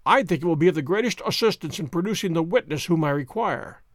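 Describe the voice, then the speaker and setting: A man's voice: on the high side, expressive, quick pace, no room sound, clean studio sound, close to an everyday voice. A man reading the lines of a confident, wry detective, poised and commanding in an audiobook. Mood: assured. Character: sharp, confident male detective, theatrical.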